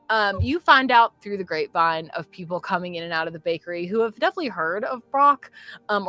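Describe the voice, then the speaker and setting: A woman running a tabletop game as game master, narrating with animated swings in energy and frequent laughter. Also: mid-range voice.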